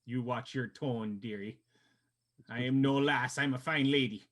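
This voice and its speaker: A man's voice: medium pitch, measured pace, a bit bright. A man voicing a crude, bossy older female innkeeper who calls people dearie. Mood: indignant. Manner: blunt, bossy and foul-mouthed.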